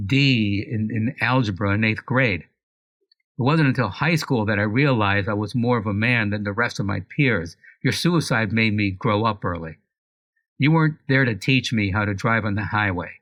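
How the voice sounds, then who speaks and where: A man reading a personal letter aloud, slowly and with sorrow, as a podcast co-host. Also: fairly low pitch, a bit bright, no room sound.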